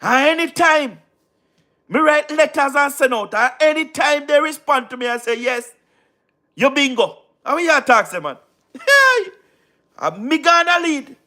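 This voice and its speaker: High, bright-voiced Jamaican man. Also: expressive, normal speed. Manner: repetitive, emphatic, keeps asking "you understand what I mean?". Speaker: livestream host. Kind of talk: casual livestream talk.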